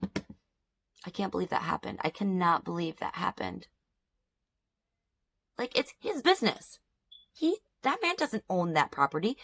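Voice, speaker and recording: A woman's voice: on the low side, big pitch swings, unhurried, long pauses, a bit bright. A woman in her thirties vlogging at home, telling an upsetting story in an outraged, emphatic way while doing her makeup and repeating herself for effect. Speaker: beauty vlogger. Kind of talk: emotional storytime rant during makeup routine.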